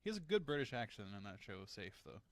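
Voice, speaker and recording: A man's voice: fairly low pitch, sing-song, quick pace, dry recording. A man co-hosting a casual podcast, laid-back and joking, swearing casually. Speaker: podcast co-host. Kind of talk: casual chat.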